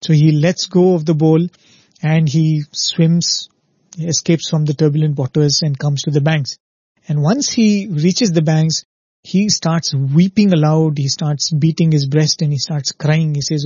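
A man's voice: a little high, steady tone, measured pace, darkish tone, breathy edge, no echo, highs cut off. A man giving a spiritual talk who tells a parable earnestly and keeps checking in with the listener. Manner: earnest, repeats "very, very" and asks "right?". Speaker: spiritual speaker.

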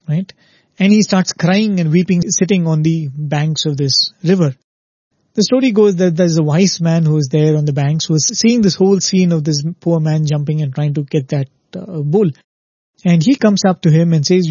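A man's voice: on the high side, normal speed, mellow, husky, no echo, muffled recording. A man giving a spiritual talk who tells a parable earnestly and keeps checking in with the listener. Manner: earnest, repeats "very, very" and asks "right?". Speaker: spiritual speaker.

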